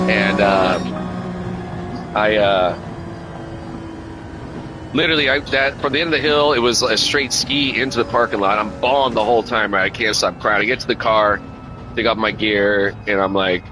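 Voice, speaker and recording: A man's voice: mid-range voice, moderate pace, pauses often, loud music behind the voice, poor audio. A middle-aged man streaming a racing game, chatting casually and candidly, swearing freely and leaning on "man" and "right?". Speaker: live streamer. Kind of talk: casual chat while playing a racing game. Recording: loud car engine noise behind the voice. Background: racing game car sounds.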